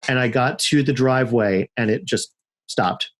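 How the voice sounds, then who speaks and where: A middle-aged man, a podcast guest, telling a story in a casual, animated way and acting out the quotes in it. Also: medium pitch, moderate pace. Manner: animated, acts out shouted quotes in his stories. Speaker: podcast guest, car owner.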